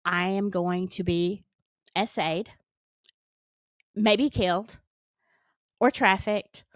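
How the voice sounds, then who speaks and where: A woman's voice: mid-range voice, steady tone, slow, dry recording. A middle-aged woman with a Southern US accent, earnestly and dramatically retelling a personal story on her vlog. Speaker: storytime vlogger.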